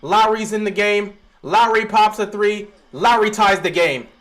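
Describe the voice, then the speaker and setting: A young man hosting a live stream, reacting to a basketball game as he watches it. He swings between quiet mumbling, pleading and sudden shouts. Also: sits high, measured pace.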